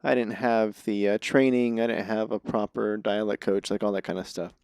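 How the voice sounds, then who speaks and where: A man's voice: on the low side, flat delivery, moderate pace, darkish tone, smooth, no room sound, studio quality. A man, a podcast guest who acts and does comedy, telling self-deprecating stories in casual conversation. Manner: self-deprecating storytelling, laughs at himself.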